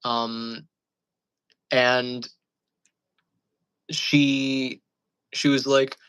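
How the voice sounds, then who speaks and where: Guy rambling to camera, bright voice, dry close sound, lots of ums. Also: medium pitch, level tone, drawn-out words, smooth, no echo, poor audio. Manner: rambling, amused storytelling with frequent fillers. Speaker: channel host. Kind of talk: casual rambling monologue.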